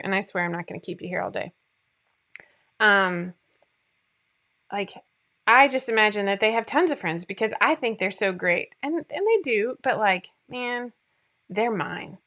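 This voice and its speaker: A woman's voice: on the high side, bright, forceful tone. A woman in her forties hosting a casual livestream chat from home, rambling and laughing often, sometimes teary. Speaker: livestream host.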